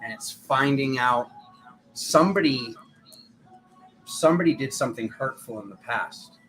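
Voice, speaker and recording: A man doing tarot readings in a casual, rambling live stream, chatty and quick to poke fun at himself. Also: mid-range voice, fairly bright tone, faint music behind, rough recording. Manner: chatty, rambling, self-mocking. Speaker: tarot reader.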